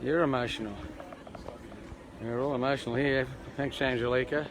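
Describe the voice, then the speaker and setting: This is casual live stream chat from an Australian man at a protest on an urban street, rambling and joking with his viewers. His medium-pitched voice has fairly even intonation at a normal speed, and the street recording is noisy.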